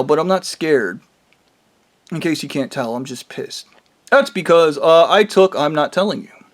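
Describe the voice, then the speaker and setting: A man's voice: fairly high pitch, a little slow. A man giving an angry, profane monologue to his viewers. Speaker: vlogger.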